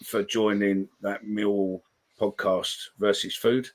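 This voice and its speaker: A man's voice: on the low side, level tone, slow pace. A man, hosting a live call-in podcast, swearing freely as he reads out comments. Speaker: podcast host.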